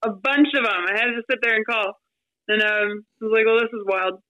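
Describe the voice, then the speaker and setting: A woman in her thirties, a podcast guest, telling her story in a chatty, animated way with lots of fillers and quoted asides. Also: on the high side, fairly quick, dry recording, highs cut off. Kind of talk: casual storytelling interview.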